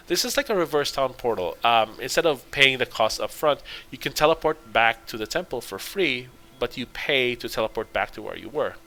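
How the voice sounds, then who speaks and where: A man hosting a let's play breaks off into casual, musing commentary. His voice is bright and forward. A faint hiss sits behind it. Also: medium pitch, animated, fairly quick, hardly any pauses.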